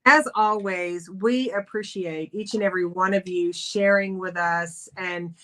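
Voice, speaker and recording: A woman co-hosting a talk show, speaking calmly and in a measured way, slowing down as she closes the show. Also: fairly low pitch. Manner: calm, measured, slows down to close. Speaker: co-host and coach. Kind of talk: reflective talk-show chat.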